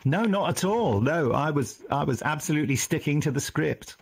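A man's voice: a little high, normal speed, creaky, a little hiss or hum. A middle-aged man and voice actor, telling anecdotes in an interview and acting out the voices of people he quotes. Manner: animated, acts out voices when quoting people. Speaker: voice actor guest.

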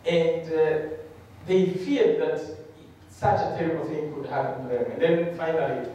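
A man's voice: a little high, steady tone, a little slow, dark tone, lo-fi sound. A man giving an earnest testimony sermon, moving from storytelling into fervent call-and-response preaching. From Rwanda. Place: church hall. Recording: echoey church hall, voice from far off.

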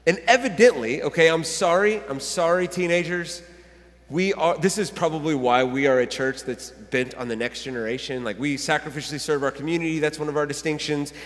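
High-voiced pastor preaching in a reverberant hall. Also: male voice. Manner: animated storytelling with laughs and self-corrections. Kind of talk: sermon. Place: church sanctuary.

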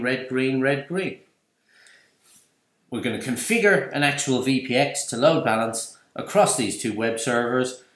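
A man presenting a screen-recorded software tutorial, chatty and explanatory, asking and answering his own questions. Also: mid-range voice. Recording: roomy echo.

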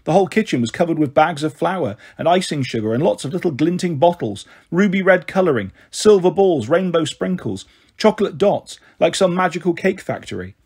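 A man reading a children's novel aloud as a storyteller, in a calm, even manner. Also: fairly high pitch, brisk, breathy edge.

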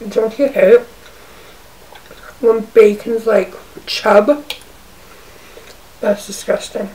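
A woman's voice: mid-range voice, fairly even intonation, drawn-out words, mellow. A woman chatting casually while eating on camera in her apartment, talking in a loose, rambling way full of "like". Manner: chatty, fills speech with "like". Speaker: mukbang vlogger. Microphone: camera's own mic, zoomed out. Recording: distant camera mic, faint hiss.

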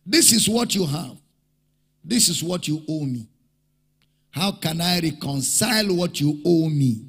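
High, animated gravelly-voiced male preacher. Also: measured pace, pauses often. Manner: emphatic, repeats key phrases, calls for audience response. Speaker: pastor. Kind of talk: sermon. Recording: long hall reverb.

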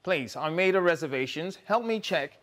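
A man's voice: on the high side, lively intonation, moderate pace, fairly bright tone. A man with a Nigerian accent playing a pompous hotel guest who brags and puts on a posh air. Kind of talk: Nollywood comedy acting.

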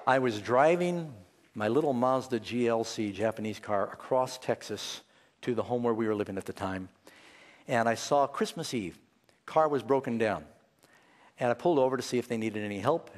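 Middle-aged male preacher in reverberant hall. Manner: animated, rhetorical questions, pitch leaps for emphasis. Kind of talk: sermon.

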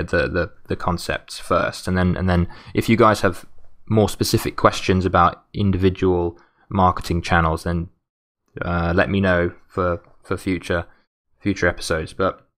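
A man's voice: deep voice, fairly bright tone. A man hosting a solo podcast, giving advice in an earnest, motivational way while sounding tired and losing his voice. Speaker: podcast host.

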